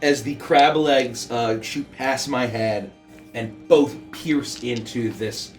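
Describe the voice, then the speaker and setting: A man playing a tabletop game, excitable and describing his character's attacks. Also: mid-range voice, slow, faint music behind. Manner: excitable, shouts and laughs. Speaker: player.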